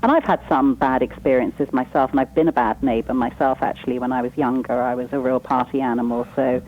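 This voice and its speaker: A woman from England talks on a phone line that squeezes her voice thin and tinny. She chats easily with a quick laugh, a guest author explaining her work. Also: extremely low pitch, steady tone. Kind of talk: phone interview.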